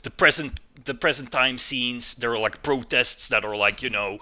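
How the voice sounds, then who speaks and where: Bright-voiced man chatting loosely. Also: moderate pace, lo-fi sound. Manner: rambling, many fillers and restarts, lively swings in pitch. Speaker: podcast co-host. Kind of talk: casual chat.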